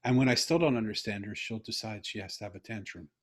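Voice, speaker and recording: A middle-aged man hosting a video call conversation, telling a personal story earnestly and growing animated when he quotes himself. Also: on the low side, fast, husky. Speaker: interview host.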